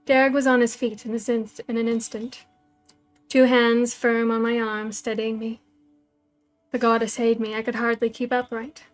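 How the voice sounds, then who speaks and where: A woman storyteller reading a novel aloud, in measured, even first-person narration. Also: fairly high pitch.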